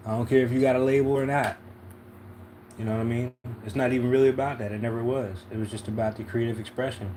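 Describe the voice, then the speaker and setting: A relaxed man from Philadelphia talks his way through a tarot spread on a livestream, slangy and unhurried. His voice sits at an ordinary middle pitch. A faint hum runs under the recording. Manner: laid-back, slangy, often asks "you know what I'm saying". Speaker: tarot reader, livestream host. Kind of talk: casual livestream tarot reading.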